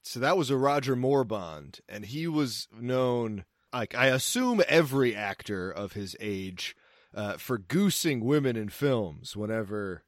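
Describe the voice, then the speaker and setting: A man's voice: medium pitch, no room sound. Crude rambling man, dry close sound. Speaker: podcast co-host. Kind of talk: casual chat.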